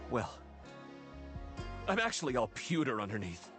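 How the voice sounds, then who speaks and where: A man's voice: mid-range voice, very animated, normal speed, music in the background, lightly acted. Brief: man doing a vain trophy-husband trophy, melodramatic and self-pitying, swooping wide through his lines, for a dating game. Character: vain shallow male trophy, obsessed with winning.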